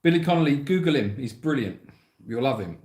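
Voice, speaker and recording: A man's voice: medium pitch, animated, brisk, a little mellow. Jokey man in an echoey room. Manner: jokey, silly, playful. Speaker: sanctuary co-host. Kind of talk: playful live-stream chat.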